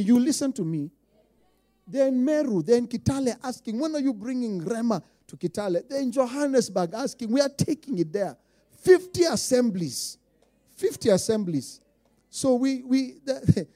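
A Kenyan man preaching with a high, mellow voice. He drops into quiet asides, then rises to loud, emphatic declarations, and repeats his lines for weight. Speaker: pastor. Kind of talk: sermon.

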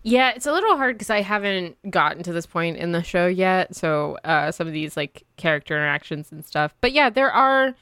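A woman's voice: on the low side, expressive, normal speed, hardly any pauses, fairly bright tone, clean tone, dry recording, clean studio sound. A woman co-hosting a podcast, chatting casually and laughing often. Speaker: podcast co-host. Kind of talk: casual chat.

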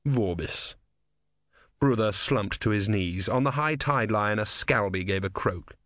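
A man narrating a comic fantasy novel in a wry, measured storytelling manner. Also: fairly low pitch, fairly bright tone, dry recording, clean studio sound. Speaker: audiobook narrator. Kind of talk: scripted narration.

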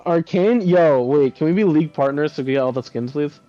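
A man's voice: fairly high pitch, brisk, soft background music. A young man co-hosting a podcast over a voice call, chatting casually, slangy and swearing freely, his voice a little dull and lo-fi. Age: young adult. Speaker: podcast co-host. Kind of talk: casual chat. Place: home, on a voice call. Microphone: computer mic over a voice call.

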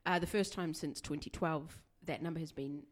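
A woman's voice: low voice, moderate pace. A woman from Australia co-hosting a book podcast, chatting casually and rambling with fillers. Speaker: podcast co-host, bookshop owner. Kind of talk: casual chat.

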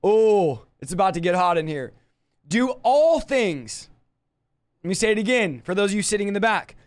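A man leads a livestreamed Bible teaching in a fiery, emphatic style. His voice sits high, and he talks straight at the camera to press each point home. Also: quick pace. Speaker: preacher.

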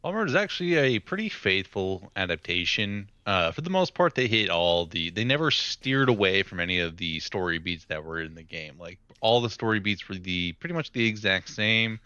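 Deep, crisp-voiced young man, dull mic. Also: expressive, moderate pace, few pauses, pushed and bright, no echo. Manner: rambling, hesitant with many fillers. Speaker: podcast co-host. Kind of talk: casual chat.

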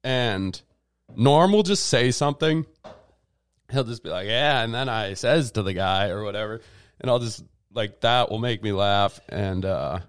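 A man's voice: fairly low pitch, smooth, no room sound, studio quality. A man co-hosting a podcast in loose, rambling casual chat, full of fillers. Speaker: podcast co-host.

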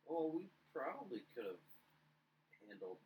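A man's voice: mid-range voice, big pitch swings, unhurried, a little mellow, slight background noise, rough recording. A young man co-hosting a casual podcast chat, talking in a blunt way and swearing freely. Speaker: podcast co-host, scorekeeper.

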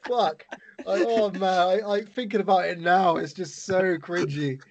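Gravelly sweary man. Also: high-pitched, measured pace, dull audio. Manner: sweary, rambling, animated. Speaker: podcast co-host. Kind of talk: casual chat.

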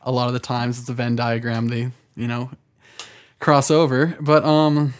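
A man guesting on a podcast, his voice at an ordinary middle pitch. He jokes in a laid-back way while chatting about a game he is playing. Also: little pitch movement, moderate pace, clear, resonant tone. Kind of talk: casual chat while streaming a game.

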